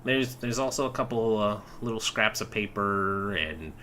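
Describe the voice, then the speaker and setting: A man with a low, bright voice runs a tabletop game. He narrates casually and stumbles over repeated words. A faint hiss sits under the recording. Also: animated, moderate pace. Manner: laughing, stammering restarts. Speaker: game master.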